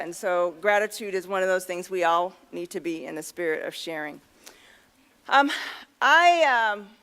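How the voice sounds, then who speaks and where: A woman's voice: lowish voice, fairly bright tone, clear, resonant tone. A middle-aged woman speaking at a convention luncheon, telling a candid, self-deprecating personal story in a chatty way with many fillers, at a podium microphone.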